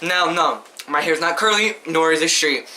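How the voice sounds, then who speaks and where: A man's voice: on the high side, normal speed, sharp tone, a little hiss or hum. A young man vlogging to camera, answering questions in a casual, emphatic and indignant way, often asking the viewer rhetorically.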